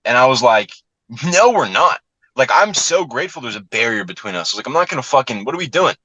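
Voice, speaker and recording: A man telling profane, animated stories in casual chat as a comedian guest on a podcast, acting out the people he quotes. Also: medium pitch, rapid-fire, no room sound, low-quality recording.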